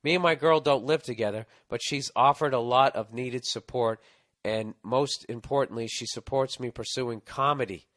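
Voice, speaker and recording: A medium-pitched man speaking at a normal speed hosts a comedy podcast, reading out a listener's letter. His storytelling is animated, profane and ranting.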